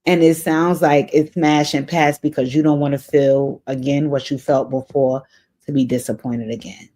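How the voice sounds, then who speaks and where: Her voice is extremely low and mellow, with fairly even intonation and a moderate pace. Hosting an advice show off camera, voice only, this earnest woman responds to a viewer's letter with casual, faith-based encouragement, restating her key points for emphasis as spiritual advice.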